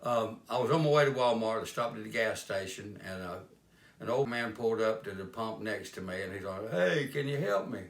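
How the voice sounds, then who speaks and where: A life-lessons speaker tells homespun stories about kindness in a plain-spoken, rambling monologue. His voice is on the low side and brisk, with a roomy echo.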